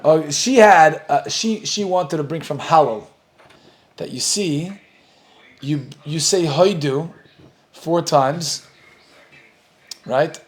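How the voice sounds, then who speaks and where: A middle-aged man with an American accent, a rabbi telling lively stories while teaching a Talmud class and acting out the dialogue. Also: on the high side, slow, pauses often. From United States. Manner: animated storyteller, acts out dialogue, laughs often.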